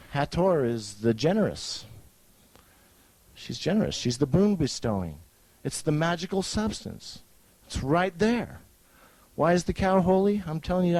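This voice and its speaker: A man tells a story with a rising, falling, very lively voice. He acts out the people he quotes and laughs at his own jokes. The sound is dry and close. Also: fairly high pitch, dry recording, rough recording. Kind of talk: animated storytelling talk.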